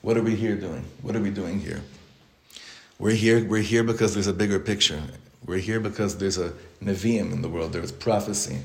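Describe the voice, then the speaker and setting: A man's voice: deep voice, moderate pace. A man giving an informal Torah class to his congregation in a synagogue study hall. He talks conversationally, with restarts, joking asides and many Hebrew and Yiddish terms. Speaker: rabbi teaching his congregation. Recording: echoey room.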